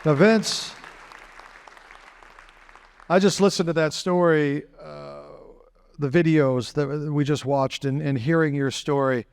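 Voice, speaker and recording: A man's voice: on the high side, fairly even intonation, slow pace, gravelly, pauses often, smooth. A man hosting an on-stage interview in a large event hall, effusive and admiring. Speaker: host. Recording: long hall reverb, crowd behind.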